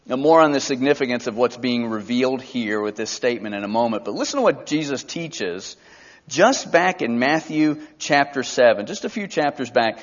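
A man's voice: medium pitch, expressive, moderate pace, muffled recording. A man preaching an expository Bible teaching in a conversational way, briefly acting out the characters' lines.

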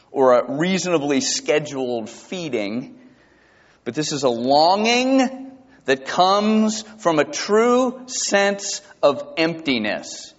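Animated preacher, slow and emphatic, in a reverberant hall. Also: male voice, fairly high pitch. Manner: emphatic, asks the congregation rhetorical questions; reads scripture slowly and deliberately. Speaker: pastor. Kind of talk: sermon. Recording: dull lo-fi recording with long hall reverb.

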